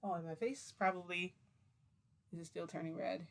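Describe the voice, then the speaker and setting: A woman's voice: fairly low pitch, steady tone, a little fast. A woman vlogger telling a story to camera in a rambling, chatty way, with fillers and laughs.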